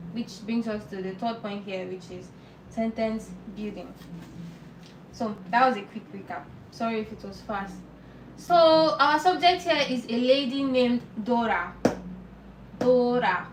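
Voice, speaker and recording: A woman teaching a live online language lesson, patiently explaining and repeating words slowly. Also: a little high, far from the mic. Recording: roomy echo, off-mic, faint noise.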